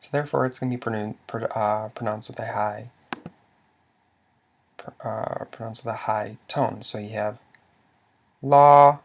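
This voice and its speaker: A man's voice: lowish voice, little pitch movement, normal speed, creaky, a little hiss or hum. A man narrating a slide lesson as a language teacher. He asks questions, answers them himself, and often stops to restart a word.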